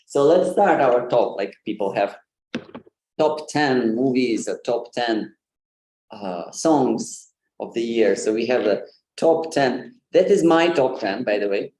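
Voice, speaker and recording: A man's voice: mid-range voice, expressive, slow pace, a little mellow. Guy on a video call lesson, lots of uhs, kinda roomy sound, mid voice. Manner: hesitant, many fillers, light laughs. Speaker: Sanskrit pronunciation presenter. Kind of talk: informal online lesson.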